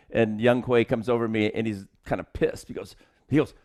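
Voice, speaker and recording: A man's voice: lowish voice, fairly even intonation, normal speed, a little mellow. A man co-hosting a martial arts podcast, telling film-set anecdotes in casual chat and acting out the quotes with laughter.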